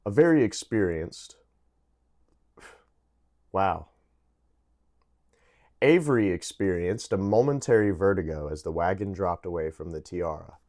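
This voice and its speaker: A man's voice: low-pitched, a little slow, pauses often, a little mellow. A man casually reading a science fiction novel aloud, stumbling now and then and correcting himself as he goes. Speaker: book reader.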